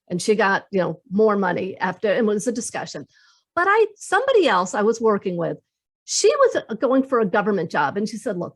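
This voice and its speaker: On a podcast interview, a woman career coach offers advice with enthusiasm, acting out quoted dialogue with lively shifts in a mid-range voice.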